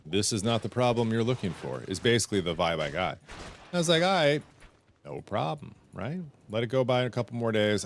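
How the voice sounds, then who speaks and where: Low-voiced gamer guy rambling on stream, doing the voices in his stories, bit of noise behind. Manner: chatty storytelling, acts out both sides of phone calls. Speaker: Twitch streamer. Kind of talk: casual stream chat.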